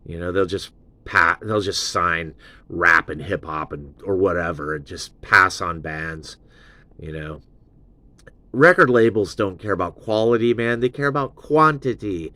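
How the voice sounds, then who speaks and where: A man's voice: low voice, a little slow, sharp tone. A man hosting a show and giving a casual, rambling album review full of loose asides. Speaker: host.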